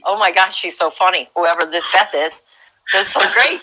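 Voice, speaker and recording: A woman reacting with animated delight and frequent laughter. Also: lowish voice, normal speed, low-quality recording.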